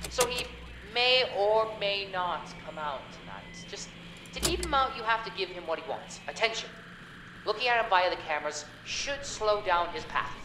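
A woman voicing a hesitant boss who briefs a night guard, halting and full of fillers. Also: medium pitch, roomy sound, background noise, close to an everyday voice. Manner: halting, with many pauses and fillers.

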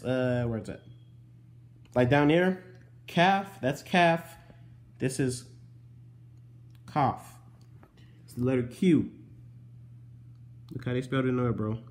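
A man's voice: medium pitch, takes it slowly, pauses often. A young man talks casually through his handwritten notes and keeps calling the listener bro. He spells words out letter by letter. His voice sits in a middle register. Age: young adult. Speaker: vlogger teaching Hebrew letters. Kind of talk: casual show-and-tell explanation.

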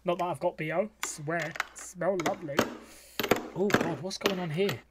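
A man's voice: high voice, moderate pace, heavy background noise. A man gushing through cheeky, camp reaction commentary. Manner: camp, cheeky, gasping and squealing. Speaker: reaction video host.

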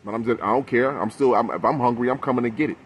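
A man voicing a blunt, defiant older streetwise man who talks gruffly and in slang. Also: mid-range voice, quick pace, slight background noise, voice pushed down, lightly acted.

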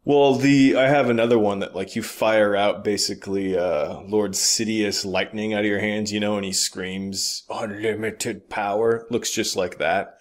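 A man's voice: on the low side, fairly even intonation, moderate pace, few pauses. A man co-hosting a podcast, chatting casually about games and movies with blunt, opinionated remarks and casual swearing. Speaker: podcast co-host.

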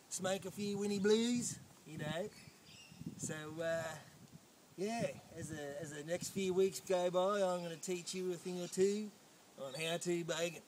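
A young Australian man with a broad accent, playing a boastful, slang-heavy bogan in a comic vlog. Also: high-pitched. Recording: distant camera audio with background noise.

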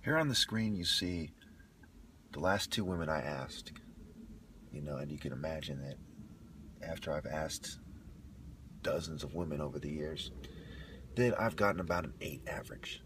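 A man's voice: very deep voice, moderate pace, pauses often, background noise. A man delivering a profane, scornful rant to camera and breaking into bursts of laughter. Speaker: video blogger. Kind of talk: ranting monologue to camera.

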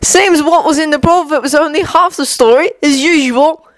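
A woman's voice: sits high, normal speed, no echo, pitched above the performer's own voice, close to an everyday voice. A woman voicing a gossipy male wizard barkeeper who snorts at the news. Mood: indignant.

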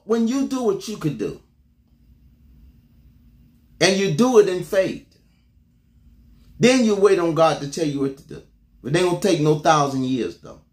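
High-pitched preacher guy firing up the church, lots of y'all and repeats, loud then hushed. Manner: exhorting, call-and-response with the congregation; repeats words when building up, swings from loud to low. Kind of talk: motivational sermon.

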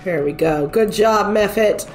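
A woman with a mid-range, slightly mellow voice speaks unhurriedly while streaming a cozy game with a cold. She chats in a rambling, easygoing way and coos at the cats on screen, with faint game music in the background.

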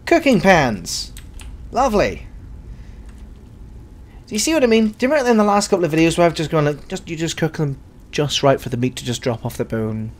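A man's voice: on the high side, very animated, fairly quick, long pauses. A man streaming a game and commenting casually, crude and joking, with frequent silly voices.

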